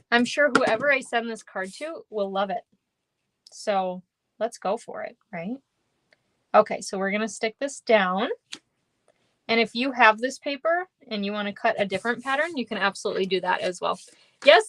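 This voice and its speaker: A woman's voice: medium pitch, a bit bright, slight background noise. A woman with a Minnesotan accent hosting a live card-making class, chatty and upbeat, often laughing and greeting viewers by name. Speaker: stamping class host.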